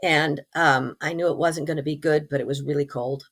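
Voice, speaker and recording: Hoarse woman with a gravelly voice. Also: deep voice, brisk. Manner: earnest, animated storytelling with small laughs. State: hoarse, recovering from pneumonia. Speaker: interview guest. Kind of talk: telling a personal story.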